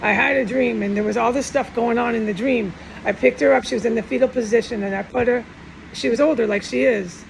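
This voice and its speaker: A middle-aged woman speaks in a tearful, rambling personal monologue. She keeps trailing off and starting over. Her voice is fairly high with a gravelly edge, and faint noise sits underneath. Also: fairly even intonation, brisk, rough recording. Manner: rambling, upset, trailing off and restarting.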